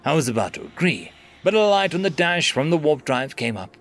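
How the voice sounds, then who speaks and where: A man's voice: fairly high pitch, sing-song, fairly quick, few pauses, fairly bright tone, faint music behind. A man narrating a scripted science fiction story in a dramatic, dry manner.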